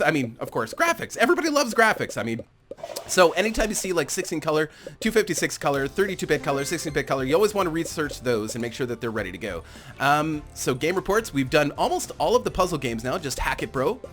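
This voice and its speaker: A man talks through his game in a loose, rambling way, often amused at his own remarks. His voice sits a little high and swings widely in pitch. Faint music plays under his commentary. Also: very animated, fast, fairly bright tone. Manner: chatty, rambling, self-amused, laughs often. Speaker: gaming channel host. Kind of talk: casual gameplay commentary.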